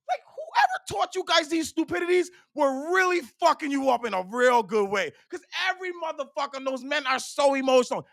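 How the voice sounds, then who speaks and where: A man doing a stand-up routine, rambling and swearing, repeating himself, swinging between loud bursts and hushed asides. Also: extremely high pitch, no echo, studio quality. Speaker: stand-up comedian.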